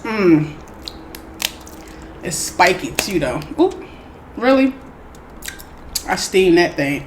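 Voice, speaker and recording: A woman hosting an eating show, chatting casually and excitedly to her viewers, calling them y'all. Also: on the low side, slow pace, long pauses, slight background noise. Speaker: mukbang host.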